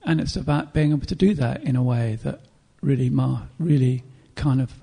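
Gravelly, husky man preaching. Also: mid-range voice, normal speed, mellow. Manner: earnest, reflective, with throat-clearing and restarts. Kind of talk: sermon.

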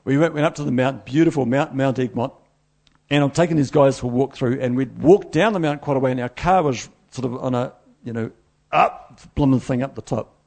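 A middle-aged man preaches, his voice gravelly and a little husky. He tells stories with animated, self-deprecating energy. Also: medium pitch, brisk. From New Zealand. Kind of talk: sermon.

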